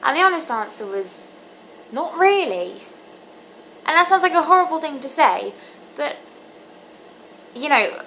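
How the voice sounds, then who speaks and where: A woman's voice: fairly high pitch, sharp tone, a little hiss or hum, poor audio. Earnest teenage girl confiding. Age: teens. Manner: earnest, confiding, halting with many ums. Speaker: vlogger. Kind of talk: candid personal vlog.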